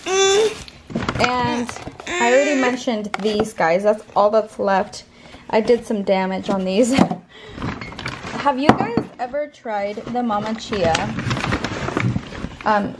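Young woman, casual vlog, rambling with fillers, handheld camera, loud background noise. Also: fairly high pitch. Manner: chatty, rambling, lots of "like" and "um". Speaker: vlogger. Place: in her car, then at home.

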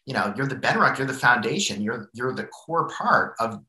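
A man's voice: medium pitch, expressive, moderate pace, pushed and bright. A man moderating an interview, asking enthusiastic, rambling questions full of fillers. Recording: echoey room.

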